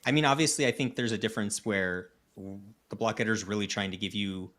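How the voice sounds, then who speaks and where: A man's voice: lowish voice, fast talker, fairly bright tone. A man guesting on a live stream, giving thoughtful, hedging answers. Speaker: guest developer.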